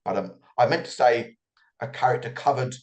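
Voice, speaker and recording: A man's voice: medium pitch, normal speed, a little mellow. Reflective middle-aged man, restarting thoughts. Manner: reflective, repeats words when starting thoughts. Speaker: author guest. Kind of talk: relaxed interview answers.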